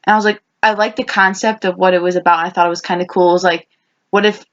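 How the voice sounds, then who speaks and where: A woman's voice: fairly low pitch, fairly even intonation, fast. Young woman, casual podcast co-host, meandering and filler-heavy, dull lo-fi recording. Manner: rambling, filler-heavy storytelling. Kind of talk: casual chat between best friends.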